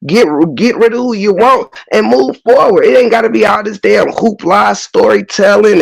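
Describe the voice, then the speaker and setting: A man's voice: sits high, gravelly, no room sound, low-quality recording. A man hosting a commentary stream, ranting bluntly with heavy slang, cursing and mocking. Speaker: commentary host. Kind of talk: unscripted rant.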